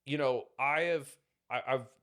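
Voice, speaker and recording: A man's voice: mid-range voice, measured pace, fairly bright tone. A man talking casually on a podcast, rambling through stories with lots of fillers. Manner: rambling, filler-heavy storytelling. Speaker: podcast guest.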